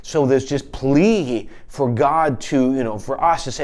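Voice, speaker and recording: Guy preaching on a psalm, earnest, mid pitch, goes soft and pleading on the prayers. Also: expressive, normal speed, few pauses. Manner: earnest devotional teaching, reads scripture aloud in King James wording. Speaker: pastor. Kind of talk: sermon.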